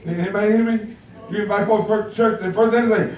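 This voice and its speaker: An older man preaches in a folksy, joking way, leaning on call-and-response with his flock. His voice sits high for a man, and it sounds like it was picked up from well back in a very echoey church sanctuary. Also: steady tone, quick pace, a little mellow. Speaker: pastor. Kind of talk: sermon. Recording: echoey church heard from far off.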